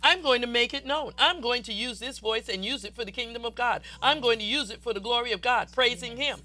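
A woman preacher delivering a fervent, exuberant sermon that swells into loud declarations. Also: fairly high pitch, fairly quick.

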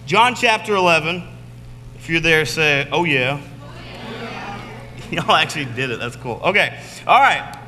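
A man, preaching to a youth group in a lively, joking way and acting out Bible scenes. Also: fairly high pitch. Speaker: youth pastor. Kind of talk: youth sermon. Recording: echoey hall.

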